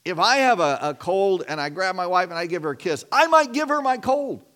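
A middle-aged male pastor delivers a sermon in a loose, conversational way. His voice sits a little higher than most men's, and he often doubles words and restarts sentences as he works through a point. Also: big pitch swings, brisk, fairly bright tone.

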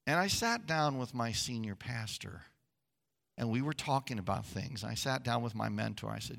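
Gravelly-voiced preacher, hushed to booming. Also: male voice, lively intonation, moderate pace, long reverb tail. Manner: storytelling, swings from hushed to loud and emphatic. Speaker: pastor. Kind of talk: sermon.

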